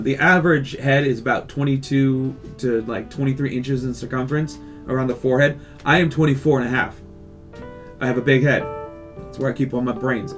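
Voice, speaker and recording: A man hosting a casual podcast, rambling and ranting with lots of swearing. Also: medium pitch. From California. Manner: rambling, animated rants with profanity. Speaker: podcast host.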